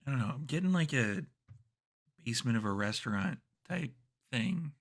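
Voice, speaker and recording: A man's voice: medium pitch, animated, normal speed. A man voicing a confused male ghost who has recently died, talking vaguely and hesitantly.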